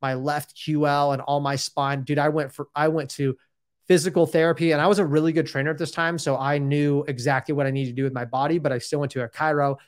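A man's voice: a little high, level tone, fast. A man in his thirties telling his own story in a casual, rambling and candid way, often saying "dude" and "like".

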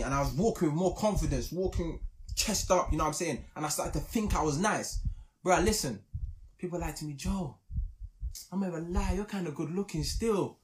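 A young man, telling a story in casual podcast chat, animated and emphatic. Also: fairly high pitch, slight background noise.

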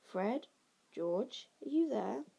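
A woman's voice: a little high, sing-song, unhurried, creaky, mellow, slightly rough, voice pushed up, full character voice. A woman voicing a fussing, fond middle-aged mother of a big family in a storybook reading.

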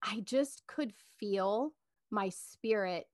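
A woman's voice: mid-range voice, slow pace, no echo. Upbeat woman co-host, earnest casual chat, dry close mic. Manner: upbeat, earnest, laughs easily. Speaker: podcast co-host. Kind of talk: casual faith podcast chat.

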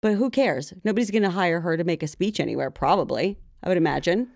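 A woman's voice: fairly low pitch, expressive, fast talker, vocal fry, a little mellow, dry recording. Chatty female co-host, dry sound. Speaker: podcast co-host. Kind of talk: casual chat.

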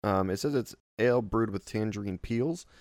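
Low-voiced man hosting a casual podcast. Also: moderate pace, darkish tone, no echo, studio quality. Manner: teasing, runs the segments. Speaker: podcast host. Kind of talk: casual chat.

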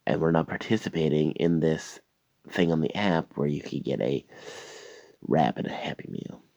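A man's voice: a bass voice, moderate pace, gravelly, a little mellow, dry recording. A man telling a profane, exasperated story and mimicking the people in it. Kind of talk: profane ranting anecdote. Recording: dry, slightly dull recording.

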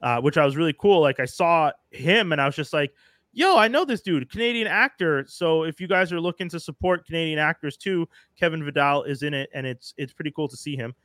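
Guy on a podcast, talky and hyped, slightly high voice, dry close mic. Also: a little fast, few pauses, a bit bright, no echo. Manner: enthusiastic, talkative, slangy. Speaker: podcast co-host. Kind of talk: casual chat.

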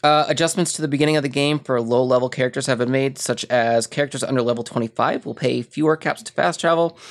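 A podcast host casually running through gaming news items in a relaxed way. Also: medium pitch.

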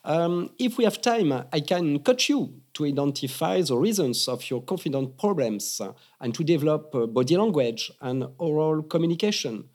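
A man with a French accent explains public speaking techniques as a coach. His pitch swings widely as he stresses words, and he often repeats them for emphasis. His tone is dark and mellow. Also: animated, moderate pace, few pauses. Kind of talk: explaining in an interview.

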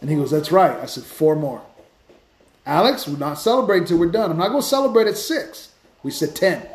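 A man hosting a Christian podcast, telling stories in a lively, casual way with many restarts. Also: fairly high pitch, a little fast, reverberant. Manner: animated storytelling with many restarts. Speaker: podcast host, Christian speaker. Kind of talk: casual faith talk.

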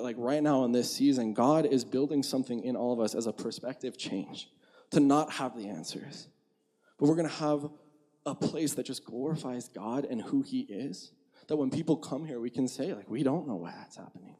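A man's voice: a little high, warm tone, husky. A young man preaching a casual, conversational sermon as a pastor, filling his talk with "like" and laughing at himself.

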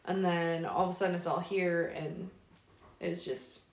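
A woman's voice: fairly low pitch, level tone, a little slow, roomy sound. A woman co-hosting a casual chat podcast, easygoing and supportive, laughing along with her friend. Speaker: podcast co-host.

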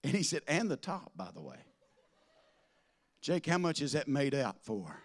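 A man preaching a sermon to a congregation, swinging from loud declarations to soft asides. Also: mid-range voice, sing-song, moderate pace. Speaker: pastor. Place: church with a congregation.

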